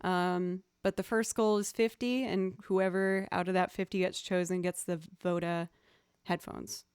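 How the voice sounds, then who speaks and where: A woman's voice: fairly low pitch, fairly even intonation, unhurried, darkish tone, smooth, no echo, clean studio sound. A woman streaming as a musician, talking in a casual, chatty and upbeat way to her viewers. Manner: chatty and upbeat, says "y'all". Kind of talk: casual livestream chat. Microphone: studio mic run through audio software.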